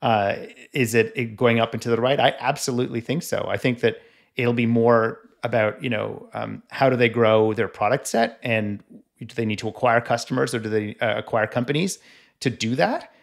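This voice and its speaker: A man's voice: medium pitch, moderate pace, vocal fry. A man from Canada co-hosting a tech podcast, wry and joking, often hedging his views. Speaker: podcast co-host. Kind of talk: casual podcast chat.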